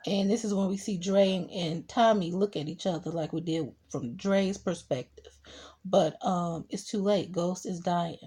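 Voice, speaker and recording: A young woman with a husky, mellow voice gives a casual recap of a TV episode. She tells it in an animated way and slips into short acted quotes of the characters. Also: lowish voice, moderate pace. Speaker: TV show reviewer.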